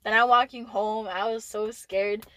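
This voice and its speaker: Teen girl, slightly high voice, close and dry, loose laughing storyteller with lots of swearing. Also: steady tone, a little slow, bright, forceful tone, no room sound. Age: teens. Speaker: podcast co-host. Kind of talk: casual storytelling chat.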